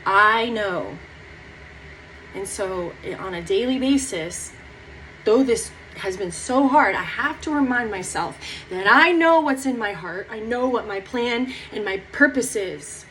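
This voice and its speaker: A woman's voice: mid-range voice, animated, a little slow, fairly bright tone, slight background noise, low-quality recording. A young woman talking through her feelings in a rambling personal vlog, close to tears, swearing casually. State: near tears. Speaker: vlogger.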